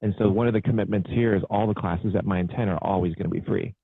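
A male entrepreneur being interviewed, talking in a relaxed, matter-of-fact way over a remote call. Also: deep voice, fast talker, slight background noise. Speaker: entrepreneur guest. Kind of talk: casual conversational interview. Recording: dry, husky tinny call audio.

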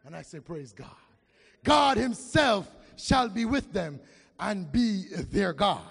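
A man preaching a sermon with impassioned, drawn-out delivery and call-and-response with the congregation. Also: on the high side, sing-song, gravelly, husky. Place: church. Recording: long reverb of a church hall.

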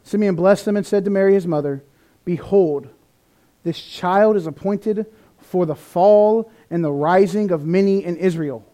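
High-voiced, mellow preacher. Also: male voice, measured pace. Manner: animated preaching, acts out quoted voices, big swings in pitch and loudness. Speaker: pastor. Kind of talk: sermon.

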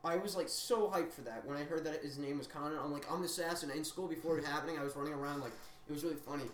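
A man's voice: on the high side, fairly even intonation, racing. A young man co-hosting a casual podcast, telling stories with lots of swearing and acting out the people he quotes. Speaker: podcast co-host. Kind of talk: casual chat. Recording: echoey room, distant mic, faint noise.

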